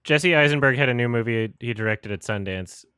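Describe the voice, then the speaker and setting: Guy with a bright punchy voice dunking on a movie, laughs a lot, dry close mic. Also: medium pitch, brisk, smooth, dry recording. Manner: blunt, critical, laughs often. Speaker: co-commentator. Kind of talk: casual movie commentary chat.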